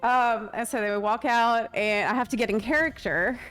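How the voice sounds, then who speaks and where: A woman's voice: on the high side, moderate pace, soft background music. A woman streamer telling a story in casual livestream chat. She laughs often, swears casually and acts out the lines she quotes in lifted voices. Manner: animated retelling with frequent laughter and casual swearing.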